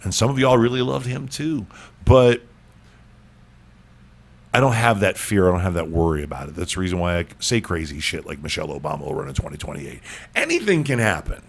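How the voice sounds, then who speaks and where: A man's voice: sits low, animated, brisk, vocal fry. A male podcast host chatting casually, joking and teasing, often repeating words.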